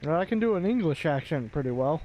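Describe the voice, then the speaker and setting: A man's voice: fairly high pitch, expressive, quick pace, highs cut off. A man chatting casually while he plays a game, rambling with many fillers and restarts, into a desk microphone. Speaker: gaming video creator.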